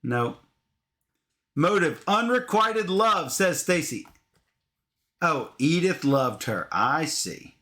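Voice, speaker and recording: A man co-hosting a casual board game playthrough, animated and chatty, reading cards aloud. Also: fairly high pitch, takes it slowly, pauses often. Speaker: co-host of board game videos.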